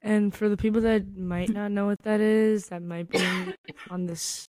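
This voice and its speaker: A young woman co-hosting a podcast, chatting casually with quick, teasing, playful interjections. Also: mid-range voice, fairly even intonation, darkish tone, no echo, clean studio sound. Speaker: podcast co-host. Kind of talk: casual chat.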